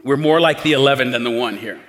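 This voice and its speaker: A man preaching a sermon, conversational and animated, acting out quoted lines with changing tones. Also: mid-range voice, fast talker, big-room sound. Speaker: pastor.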